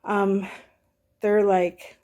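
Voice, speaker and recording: A woman's voice: medium pitch, little pitch movement, drawn-out words, darkish tone. A middle-aged woman talking in a casual, rambling vlog review, short of breath and full of fillers and restarts. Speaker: vlogger reviewing a product.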